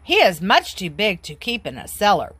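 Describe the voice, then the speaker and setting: A woman voicing a brisk adult policeman who speaks in a matter-of-fact way. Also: medium pitch, huge pitch swings, a bit bright, breathy edge, no echo, exaggerated voice.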